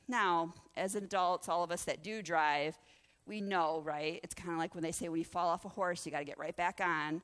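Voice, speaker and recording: A woman pastor preaching through a lively personal story, acting out the voices of the people in it. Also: lowish voice, normal speed. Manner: animated, acts out the voices in her story. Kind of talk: sermon storytelling.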